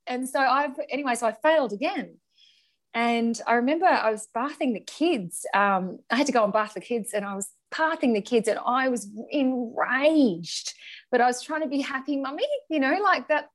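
A middle-aged woman, a guest in a conversational interview, telling her story in an animated way and often laughing. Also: a little high, normal speed. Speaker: guest, charity founder.

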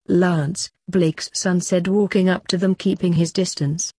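A woman reading a story aloud in an even, unhurried way. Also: fairly low pitch, slightly rough, no room sound.

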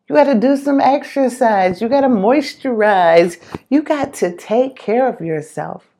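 A woman's voice: medium pitch, vocal fry, mellow. A woman giving an earnest, encouraging motivational monologue and repeating phrases for emphasis.

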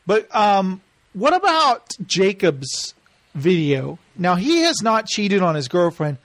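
A man in casual chat, co-hosting and telling stories with animated delivery and quick imitations. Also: high voice, no echo. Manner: animated storytelling, often mimicking others. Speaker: podcast co-host. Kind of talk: casual chat recapping a reality show.

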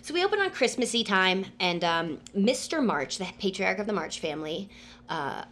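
A woman co-hosting a casual book-club podcast, chatty and animated, with many fillers and restarts. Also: medium pitch, normal speed, a little hiss or hum. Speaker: podcast co-host.

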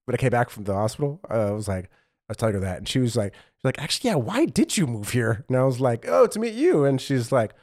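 A man's voice: mid-range voice, expressive, fast talker, darkish tone, dry recording, clean studio sound. A man from California in his thirties, chatting casually as a podcast co-host, rambling with lots of fillers and restarts. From California, USA. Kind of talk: casual chat.

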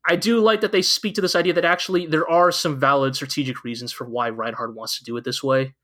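A man's voice: medium pitch, fairly even intonation, quick pace, fairly bright tone. A man co-hosting a podcast, chatting casually and enthusiastically about an anime, rambling with lots of fillers. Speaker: podcast co-host. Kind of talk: casual anime recap chat.

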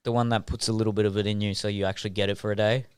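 A young man, chatting on a podcast in a relaxed, drawling way, swearing and laughing at his own jokes. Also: fairly low pitch, rapid-fire, clean tone, no room sound, clean studio sound. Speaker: podcast co-host, comedian. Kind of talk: casual podcast banter.

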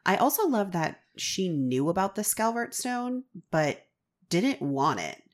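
A woman co-hosting a book podcast, chatting in a relaxed way and moving the talk on to the next character. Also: mid-range voice, measured pace. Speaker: podcast co-host. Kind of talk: casual book chat.

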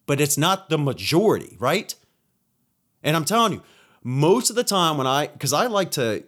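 A young man hosting a solo podcast, ranting in a heated, profane way, rambling with restarts and acting out quotes. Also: mid-range voice. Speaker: podcast host; nurse. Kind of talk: opinionated solo rant.

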